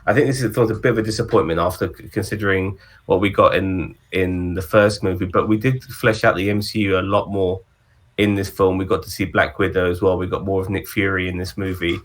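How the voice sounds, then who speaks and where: A man's voice: low-pitched, steady tone, brisk. A man co-hosting a casual movie-ranking chat, rambling with ums and restarts. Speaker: podcast co-host.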